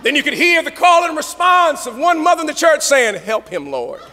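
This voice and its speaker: A male pastor lecturing in a dramatic preaching cadence, swinging from shouts down to hushed tones. His voice is high and bright. It rings in a big lecture hall with a long reverb tail. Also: fairly quick, some chatter behind, slight background noise.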